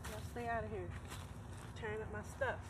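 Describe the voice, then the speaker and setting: A woman's voice: a little high, steady tone, a little fast, very noisy. A woman in a casual vlog, scolding her chickens in an exasperated, chiding way in an outdoor backyard garden, filmed on a phone. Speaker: backyard homesteader.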